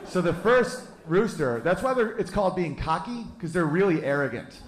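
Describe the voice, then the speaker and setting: A man's voice: high-pitched, sing-song, normal speed. A man in his thirties doing stand-up comedy, crude and brash as he tells a story. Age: 30s. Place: live comedy venue. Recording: echoey live room, crowd laughter.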